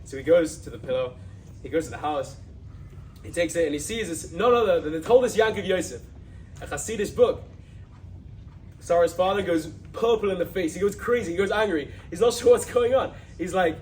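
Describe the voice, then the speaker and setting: Young guy telling a story, voice on the high side, mic kinda far off, faint hiss behind. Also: lively intonation, fairly quick. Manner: acts out characters with sudden high, loud outbursts. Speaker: student speaker retelling a Hasidic story. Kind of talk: animated storytelling. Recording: distant mic with faint background noise.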